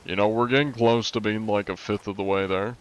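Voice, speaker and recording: A young man streaming a game live, chatting in a relaxed way and answering his chat while he plays. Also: fairly low pitch, brisk, lo-fi sound.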